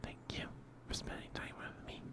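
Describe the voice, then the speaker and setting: A man whispering ASMR affirmations in a slow, soothing, repetitive way, his throat a little scratchy. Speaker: ASMR streamer.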